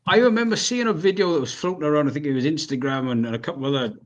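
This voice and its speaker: British bloke, slightly high voice, swears freely and acts out his anecdotes on a video-call chat. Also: rapid-fire, dull audio. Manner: animated storyteller, swears, acts out the people he quotes. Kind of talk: casual chat.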